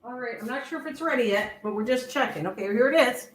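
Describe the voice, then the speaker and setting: Speaking quickly in a fairly high voice, an older woman chats through a casual cooking livestream in her home kitchen. She's friendly and rambling, reading comments aloud and answering viewers, with slight background noise.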